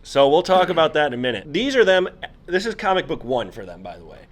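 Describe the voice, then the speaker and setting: This podcast co-host, a man with a higher voice, talks fast as he pages through a vintage comic in a relaxed chat. His storytelling is lively, entertained, and openly incredulous.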